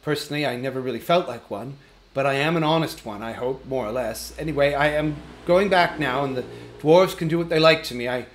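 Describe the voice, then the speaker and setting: A man voicing a small, fussy, businesslike male hobbit in an audiobook, prim and a little squeaky. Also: expressive, normal speed, slight background noise, natural voice. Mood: awkward, resolute. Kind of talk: audiobook character reading.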